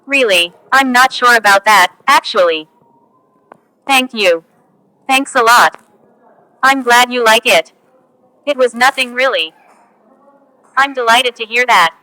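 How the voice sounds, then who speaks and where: Slow, bright woman reading phrases. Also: on the high side, dry recording, low-quality recording. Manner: slow, careful, each phrase spoken on its own. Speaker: English teacher. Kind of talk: reading example phrases for learners.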